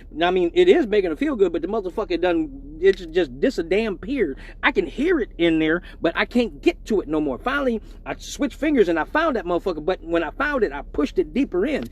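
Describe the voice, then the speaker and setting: High-voiced man telling a raunchy story. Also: fairly quick, few pauses. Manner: profane, laughing, animated storytelling. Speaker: live-stream host. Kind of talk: casual live-stream storytelling.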